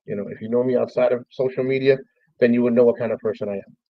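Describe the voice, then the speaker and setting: A man's voice: mid-range voice, steady tone, very fast, no room sound, highs cut off. A man giving a heartfelt, rambling memorial talk about a lost friend, swearing casually. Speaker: streamer. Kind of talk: emotional memorial monologue.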